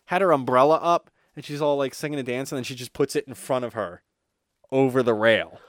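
A podcast co-host with a mid-range voice tells a wandering story in casual conversation, speaking fairly quickly, swearing often and leaning on "like" as filler. The recording is dry and clean, with studio sound.

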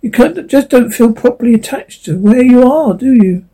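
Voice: mid-range voice, lively intonation, normal speed, mellow, breathy edge, voice pushed up, poor audio. A reader doing a fretful, whiny male leaf. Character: anxious, shivering male autumn leaf. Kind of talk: storybook reading.

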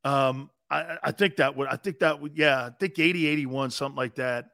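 The host, a man in his fifties, rambles through a casual anecdote on a live show, laughing and voicing the quotes himself. His mid-range voice is creaky, bright and forceful, and he talks a little fast. It is studio-quality audio with no room sound.

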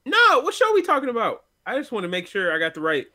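A man's voice: very high voice, huge pitch swings, fast, pushed and bright. A man co-hosting a podcast in casual chat, laid-back and slangy, laughing often. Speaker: podcast co-host. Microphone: remote call.

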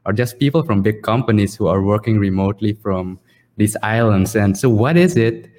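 Lowish-voiced male co-host, echoey sound. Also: animated, moderate pace, a little mellow. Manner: curious, asks questions with lots of fillers. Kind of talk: casual conversation.

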